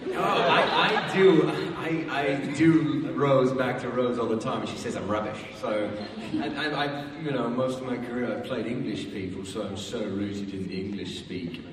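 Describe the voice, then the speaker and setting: Man, self-deprecating, stumbling, panel answers, distant mic, loud crowd. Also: mid-range voice, moderate pace. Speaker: actor on a convention panel. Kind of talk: panel answers to fan questions. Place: large convention hall. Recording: echoey convention hall from far off, loud crowd.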